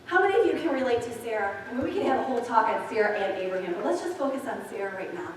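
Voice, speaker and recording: A pastor in her forties preaches from a church sanctuary, sharing personal stories with her congregation in a candid, chatty way. Her voice is on the high side, expressive and very fast. The recording is very echoey and distant from the mic, with a little hiss or hum.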